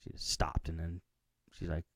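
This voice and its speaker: A man's voice: sits low, completely flat delivery, normal speed, dry recording, clean studio sound. A man co-hosting a casual late-night tech podcast, telling a story and acting out both sides of a phone call. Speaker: podcast co-host.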